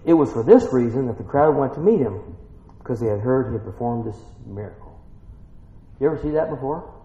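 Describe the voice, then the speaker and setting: A man preaching a sermon, swinging between quiet scripture reading and shouted excitement, calling out questions to his congregation. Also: on the high side, roomy sound, in a large hall, muffled recording.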